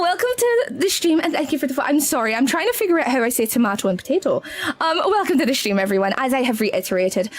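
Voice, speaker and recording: Giggly Scottish woman with a lively high voice. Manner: giggly, easily flustered, affectionate with viewers. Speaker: VTuber streamer. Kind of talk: casual live-stream chat.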